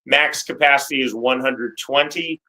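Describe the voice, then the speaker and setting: A man who commentates fights, speaking as a guest in a casual interview. His voice is bright and forceful. He talks in an emphatic, articulate way. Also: medium pitch, moderate pace, poor audio.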